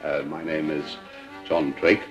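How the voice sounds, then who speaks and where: An actor with an English accent playing a cool, understated secret agent with dry wit in a 1960s TV drama. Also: male voice, a bass voice, little pitch movement, slow, muffled recording, music in the background, exaggerated voice.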